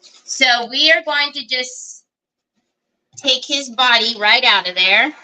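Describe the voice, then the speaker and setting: A woman with a fairly high, very bright voice hosts a live crafting session. She talks at a slow, easy pace, thinking aloud as she works and greeting viewers one by one. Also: poor audio. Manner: chatty, greets viewers by name while working. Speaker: craft livestream host. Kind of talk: casual live crafting chat.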